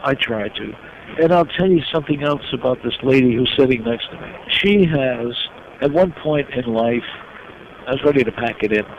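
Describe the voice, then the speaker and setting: An older man from New York, a guest in an interview, telling his life story slowly and with emotion. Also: mid-range voice. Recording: dull lo-fi recording with noise.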